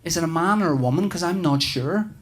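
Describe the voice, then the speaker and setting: A man's voice: on the high side, animated, fast talker, close to an everyday voice. A man voicing a smug, prim mother who boasts about her daughter. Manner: prim, sugary and self-congratulating. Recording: noisy live recording.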